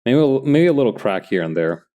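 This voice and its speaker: A man's voice: medium pitch, sing-song, fairly quick, dark tone. A man chatting casually while he works on a comic, drifting into rambling, musing asides between remarks about his drawing. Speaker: comic artist streaming his work.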